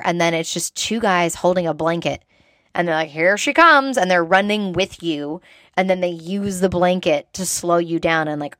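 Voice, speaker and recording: A woman host chats through a story in a loose, animated way, dropping "like" into almost every sentence. Her voice sits a little low for a woman. The recording is dry and close, with no room sound. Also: no room sound. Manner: chatty and animated, heavy use of "like". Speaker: host recounting past work as a theme-park performer. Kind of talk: casual storytelling to viewers.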